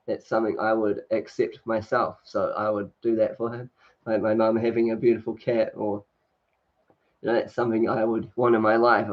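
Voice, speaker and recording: A man hosting a casual livestream, reading comments and chatting with many fillers and laughs. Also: medium pitch. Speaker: livestream host. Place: indoors at home, sunny. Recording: dull lo-fi stream audio.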